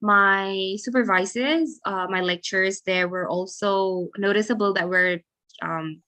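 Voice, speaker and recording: A woman's voice: mid-range voice, fairly even intonation. Chatty Indonesian woman on a video call. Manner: chatty, quick, with fillers and soft trailing asides. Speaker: guest speaker. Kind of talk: webinar Q&A answer.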